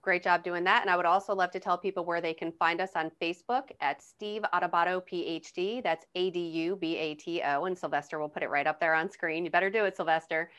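A woman's voice: on the low side, steady tone, a little fast, few pauses, a bit bright, smooth. A woman co-hosting a leadership talk show, teasing her partner in playful banter. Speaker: co-host.

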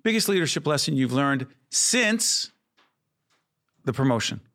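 Male show host, playful banter, mid pitch, easygoing. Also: big pitch swings, measured pace, a bit bright. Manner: bantering, teasing. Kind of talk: studio talk show banter.

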